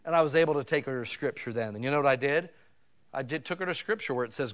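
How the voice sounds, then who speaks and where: A male pastor preaching a sermon in a folksy, conversational way, building to loud emphasis on scripture. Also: fairly high pitch, fast talker.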